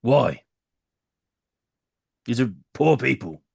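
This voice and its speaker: A man's voice: mid-range voice, animated, extremely slow, gravelly, darkish tone, breathy edge, no room sound, clean studio sound. A man playing a character in a tabletop game, asking blunt, stern questions. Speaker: player.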